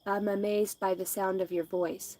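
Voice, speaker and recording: A woman hosts a live intuitive reading, speaking slow and soothing spiritual messages at a middle pitch. She drifts into loose, laughing, profane rambles between the readings. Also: level tone, dark tone. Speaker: psychic livestream host.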